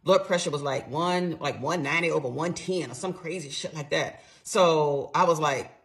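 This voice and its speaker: Here a middle-aged woman with a low-pitched voice relates a personal story at a moderate pace. It's a casual, animated monologue, emphatic and blunt, and she swears some along the way.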